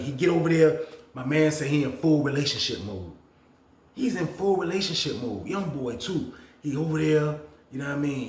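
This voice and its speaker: A man casually telling a story on his channel, slangy and animated, acting out what others said with big jumps in his voice. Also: echoey room. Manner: animated, slangy, acts out others' lines with big pitch swings.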